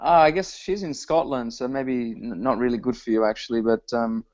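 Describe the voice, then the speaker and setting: A man's voice: mid-range voice, moderate pace, a little mellow. Hesitant man from Australia, podcast co-host, muffled lo-fi audio. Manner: hesitant, many ums and restarts. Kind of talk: casual chat.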